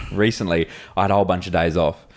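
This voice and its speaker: Here a podcast co-host from Australia speaks at normal speed in a low voice with fairly even intonation. He swears his way through laid-back stories and laughs often.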